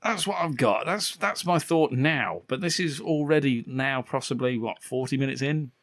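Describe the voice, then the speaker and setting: A man's voice: mid-range voice, normal speed, a bit bright, dry recording, clean studio sound. A man co-hosting a podcast, recapping a bad film in casual, profane, rambling banter. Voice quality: sweary, laughing, rambling recaps. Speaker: podcast co-host.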